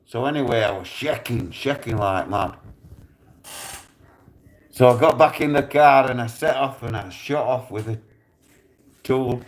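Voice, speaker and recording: A man's voice: medium pitch, unhurried, pauses often. A man, telling a blunt, profane story on his live stream. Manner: blunt, heavy swearing, animated retelling.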